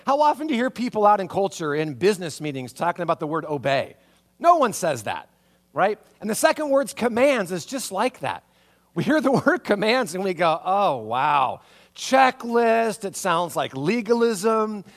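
A man preaching a sermon as pastor in a church, conversational and animated, tossing out rhetorical questions and checking in with listeners. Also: high voice. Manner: conversational, full of rhetorical questions and tag "right?"; animated, acts out reactions.

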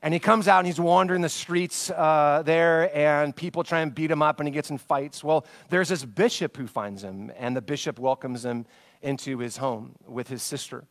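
A man preaching a sermon, retelling stories with animated swings between loud emphasis and hushed passages, sometimes stumbling over names. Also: a little high, normal speed. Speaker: pastor.

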